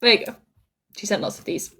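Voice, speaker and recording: Bright and forceful, speaking fairly quickly, this young co-host reads out comments from listeners during a live podcast stream. She's giggly and quick to laugh, seated indoors at a shared table.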